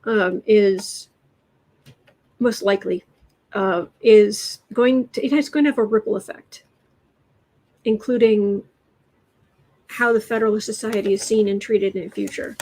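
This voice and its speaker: Gravelly-voiced woman rambling through tarot. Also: mid-range voice, unhurried, long pauses, a little mellow, poor audio. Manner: rambling, hesitant with frequent ums and restarts; chatty, addresses viewers directly. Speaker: tarot reader. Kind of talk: livestream political tarot reading.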